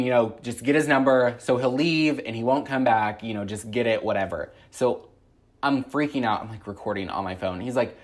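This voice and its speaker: A man's voice: mid-range voice, moderate pace. A young man vlogging a storytime from his apartment, rambling anxiously with lots of "like"s. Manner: anxious, rambling retelling with many "like"s. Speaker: YouTuber. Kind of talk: casual storytime.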